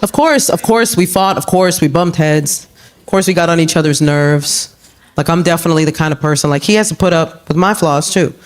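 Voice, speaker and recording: A woman comedian performing a stand-up set on a club stage, animated and jumping into exaggerated voices for the people she quotes. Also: a little fast. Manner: animated, acts out quoted voices with big pitch jumps. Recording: live club recording, audience laughter and room noise. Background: audience laughter.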